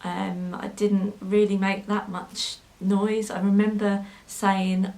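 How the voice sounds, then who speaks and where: A woman's voice: mid-range voice, little pitch movement, slow pace, hardly any pauses, darkish tone, low-quality recording. Hesitant young woman vlogger. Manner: hesitant, many ums, gets emotional. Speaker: sewing vlogger. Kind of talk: personal storytelling to camera.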